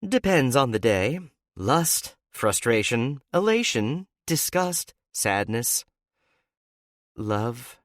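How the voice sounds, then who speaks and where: A man voicing a soft, hesitant woman in love. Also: medium pitch, sing-song, takes it slowly, no room sound, studio quality, voice pushed up. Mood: tender teasing. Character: guarded tender woman in love.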